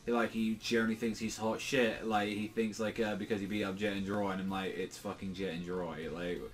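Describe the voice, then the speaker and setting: A man's voice: lowish voice, flat delivery, a little fast, soft background music. A young British man casually reviewing a manga chapter, rambling with many fillers and swearing, and jumping into exaggerated quoted voices. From Britain. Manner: rambling, lots of fillers and swearing, acts out quotes in jumpy bursts. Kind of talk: casual solo review chat.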